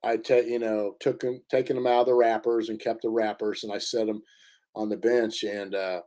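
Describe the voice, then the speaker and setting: A man telling a story in a casual interview, halting often with fillers and restarts. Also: fairly low pitch, flat delivery, dark tone. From Indiana. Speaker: interview guest.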